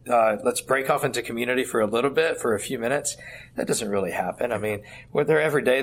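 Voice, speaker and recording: A man's voice: medium pitch, a little hiss or hum. Earnest man pastor telling stories. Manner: earnest, storytelling with quoted dialogue. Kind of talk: conversational interview answers. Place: at a church conference.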